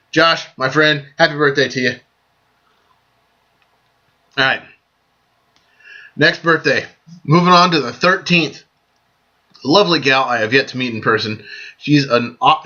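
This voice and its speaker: A vlog host with a voice on the high side gives friendly, joking birthday shout-outs to his friends, often repeating himself. The recording has a dull lo-fi sound.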